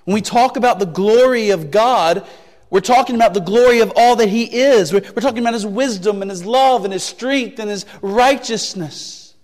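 A man preaching a sermon as pastor, deliberate and emphatic, repeating key phrases and asking searching rhetorical questions. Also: high-pitched, a little mellow, big-room sound.

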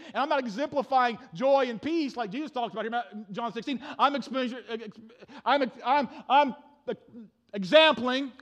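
High-voiced man preaching with passion. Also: highs cut off. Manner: passionate preaching, swings from loud to hushed; stammering restarts. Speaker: pastor. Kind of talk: sermon.

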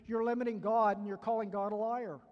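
A man's voice: high voice, flat delivery, fairly quick, highs cut off. An older man with a Southern accent and a stutter preaching a sermon at church, earnestly repeating key phrases and acting out quoted voices. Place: church sanctuary. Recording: long reverb from a large hall.

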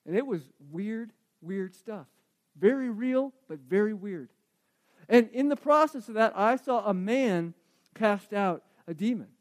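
A male pastor delivering a conversational sermon, dropping to hushed asides and rising to loud emphatic points, often repeating words as he restarts. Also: high-pitched, expressive, a little slow.

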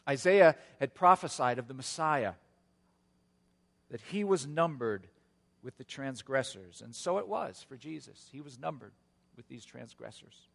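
A male pastor giving a sermon in an earnest storytelling manner, with a touch of gentle humor. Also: medium pitch, expressive, normal speed, vocal fry, long reverb tail.

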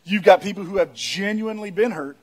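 A male pastor preaching a sermon in a church, telling humorous stories, leading the congregation in call-and-response and rising to shouts. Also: sits high, a little fast. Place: church auditorium.

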